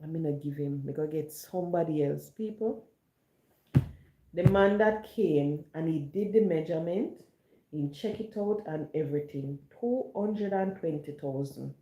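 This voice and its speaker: Jamaican woman with a dark, roomy sound. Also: low-pitched, normal speed, a little hiss or hum. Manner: storytelling, mixing patois and standard English. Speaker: online chat host. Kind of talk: casual monologue to viewers. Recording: roomy echo.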